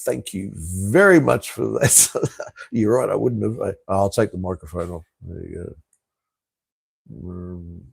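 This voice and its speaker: A man's voice: deep voice, unhurried, vocal fry, husky, no room sound. Blunt, swearing Australian man in his fifties. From Australia (Tasmania). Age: 50s. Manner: blunt, swears freely, chuckles between remarks. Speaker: live stream host. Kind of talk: casual live chat reading viewer comments.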